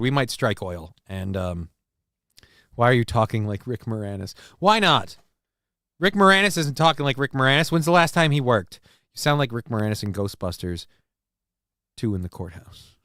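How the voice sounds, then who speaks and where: A man's voice: medium pitch, animated, normal speed, pauses often, a bit bright, no echo, studio quality. A man hosting a casual livestream, rambling, swearing freely and poking fun at himself while reading chat. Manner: rambling, profane, self-mocking. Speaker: livestream host.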